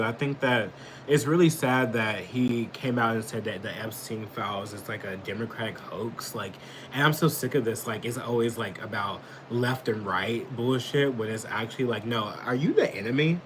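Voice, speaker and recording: Rambling and profane, this man does live political commentary and reacts angrily to comments in chat. He speaks at medium pitch and moderate pace; the recording is rough, with a little hiss or hum.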